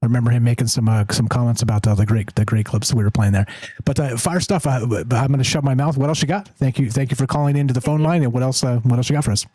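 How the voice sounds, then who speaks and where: Mellow-voiced man hosting a call-in show. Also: medium pitch, fast talker, dry recording, low-quality recording. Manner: rambling, self-interrupting, wry. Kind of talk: casual talk-radio conversation.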